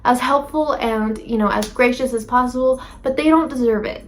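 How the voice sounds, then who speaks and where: A woman's voice: fairly high pitch, normal speed. A woman giving a casual tarot reading to camera, rambling with lots of fillers and self-corrections. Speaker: tarot reader.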